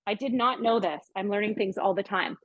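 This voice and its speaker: A woman's voice: mid-range voice, brisk, a bit bright, no room sound. A middle-aged woman hosting a casual cooking demonstration in her home kitchen, chatting upbeat as she works. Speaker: cooking show host. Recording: dry, dull lo-fi sound.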